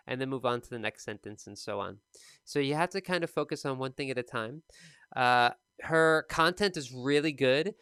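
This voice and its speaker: A man teaching TOEFL speaking on a live stream, explaining in a relaxed, conversational way. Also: medium pitch, smooth, dry recording, clean studio sound.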